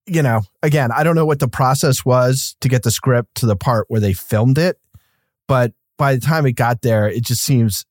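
A man's voice: medium pitch, moderate pace, no echo, clean studio sound. A man co-hosting a podcast, giving a sardonic, offhand film critique. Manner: sardonic, swearing. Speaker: podcast co-host. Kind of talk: casual chat.

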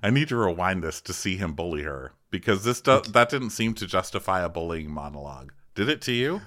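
A wry, profane man chats casually as a podcast co-host. His tone is bright and sharp. His pitch is animated, with big jumps up and down. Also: brisk. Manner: wry, profane, acts out quotes in high put-on voices. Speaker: podcast co-host recapping a reality show. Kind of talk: casual comedic chat.

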